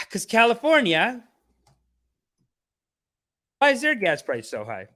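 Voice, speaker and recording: A man's voice: very high-pitched, wildly swooping pitch, slow pace, long pauses, sharp tone. A man hosting a comedic satirical rant in a sarcastic, preachy, mock-guru manner. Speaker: comedic channel host.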